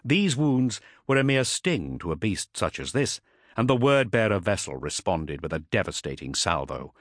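Low-voiced man narrating an audiobook dramatically. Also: no room sound, clean studio sound. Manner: dramatic, expressive storytelling.

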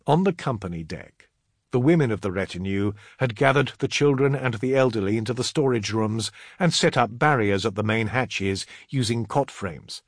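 A man narrating an audiobook in a dramatic, expressive reading. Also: mid-range voice, normal speed, no echo, clean studio sound.

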